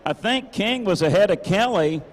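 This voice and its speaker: A high-pitched man announcing a boat race live from a lakeside course. He reads out finishing positions and points briskly, staying matter-of-fact about the standings. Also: animated.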